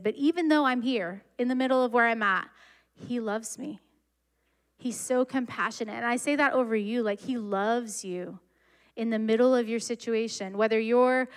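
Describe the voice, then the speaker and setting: Earnest young woman preaching casually. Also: on the high side. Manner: earnest, heartfelt, conversational with many restarts. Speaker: church speaker. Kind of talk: sermon.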